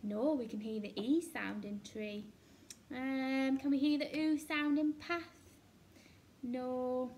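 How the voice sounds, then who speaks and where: Slow, high-voiced English woman teacher. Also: fairly even intonation, a little mellow. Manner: slow, patient, sounding out letters, questions to children. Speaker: reception class teacher. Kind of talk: recorded phonics lesson for young children. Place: indoors at a table with a book page.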